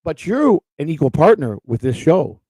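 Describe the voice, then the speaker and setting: Gravelly, rambling man telling stories. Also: fairly high pitch, very animated, moderate pace, dark tone, dry recording, rough recording. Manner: rambling storyteller, repeats words. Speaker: co-host. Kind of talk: casual livestream chat.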